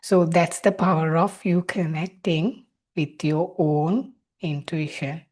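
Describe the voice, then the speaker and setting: A woman spiritual coach teaches in an unhurried, earnest way. Her voice sits a little low, and she walks through each point step by step, checking in with the listener. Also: steady tone, darkish tone. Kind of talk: guided teaching monologue.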